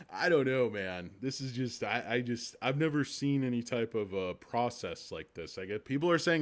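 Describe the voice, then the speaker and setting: Male livestream host, rambling and sarcastic, crude humor, mid-pitched voice. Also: animated, unhurried. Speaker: stock market livestream host. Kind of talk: casual livestream commentary.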